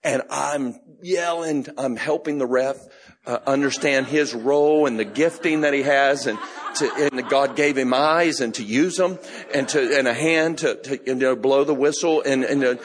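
A middle-aged man pastor preaching a sermon, telling a personal story with laughs and bursts of shouting. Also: a little high, unhurried, breathy edge, some chatter behind. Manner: animated storytelling, laughing, shouting in retold moments.

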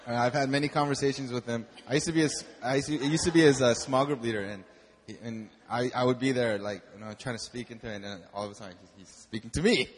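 A man's voice: mid-range voice, fast talker. A man introducing the preacher at a church service, hesitant and searching for words. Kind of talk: casual introduction. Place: church hall. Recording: long hall reverb, faint noise.

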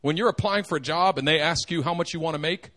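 Animated, joking male preacher with a high voice. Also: fast. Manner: animated and joking, acting out quotes. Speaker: pastor. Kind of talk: sermon.

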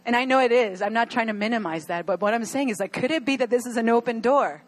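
A woman's voice: a little high, fast. A young adult woman preaching an earnest sermon to her church, at times crying as she pleads. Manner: earnest, rising to emotional pleas. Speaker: pastor.

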